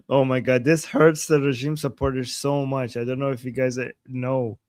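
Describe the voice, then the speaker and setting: A man's voice: mid-range voice, no room sound, clean studio sound. A man co-hosting a political commentary show who reacts with exclamations and chats casually.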